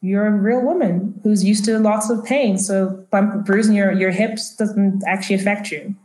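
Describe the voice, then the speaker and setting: A woman narrating a tabletop game as game master, in a chatty, filler-heavy way at a middle pitch. Her voice bounces around an echoey room. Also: fairly even intonation, moderate pace, a little mellow.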